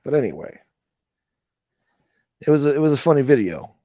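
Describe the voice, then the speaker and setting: A man hosts a late-night livestream, rambling loosely and swearing freely as he answers his chat. His voice sits at an ordinary middle pitch. The sound is dull and lo-fi, close and dry with no room echo. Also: big pitch swings, moderate pace, dark tone. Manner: profane, rambling, reads and answers chat comments. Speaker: livestream host.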